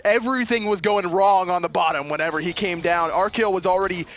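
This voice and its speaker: A man commentating live on an esports match, excitable and joking at his own expense. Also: sits high, brisk, slight background noise. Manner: excitable, joking, self-deprecating.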